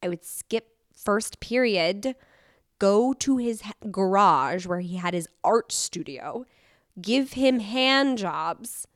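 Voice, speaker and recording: A young woman telling a candid personal story on a podcast, animated and self-deprecating, with many restarts. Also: mid-range voice, slow, no room sound, clean studio sound. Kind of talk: casual storytelling chat.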